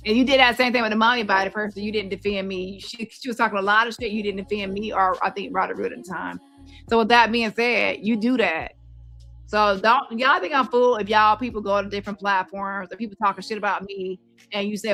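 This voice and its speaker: Blunt scolding woman with bright voice. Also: medium pitch. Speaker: commentary YouTuber. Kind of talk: casual commentary.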